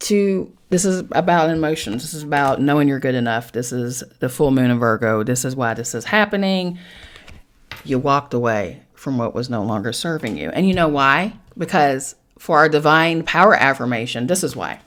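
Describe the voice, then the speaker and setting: A woman hosting a podcast, giving a casual tarot reading in an animated, profane way, with loud bursts and low asides. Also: normal speed.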